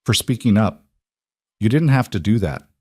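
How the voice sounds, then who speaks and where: A man voicing a young woman who speaks quietly and with restraint in an audiobook. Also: fairly low pitch, animated, normal speed, husky, no echo, clean studio sound. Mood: gentle. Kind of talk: audiobook character voice.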